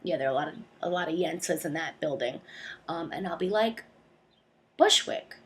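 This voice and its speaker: A woman's voice: deep voice, brisk, a little mellow. A young woman from New Jersey telling a comic monologue, sassy and slangy, acting out other people's voices. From Bergen County, New Jersey. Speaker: comedic storyteller.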